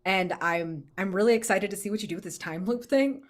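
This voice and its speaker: A woman gushing in casual chat after a tabletop game session, excitable and swearing freely. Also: medium pitch, brisk.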